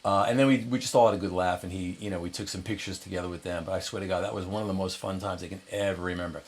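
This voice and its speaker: A middle-aged man casually telling an anecdote to the camera, animated and jumping into higher voices for quotes. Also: racing. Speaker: storyteller.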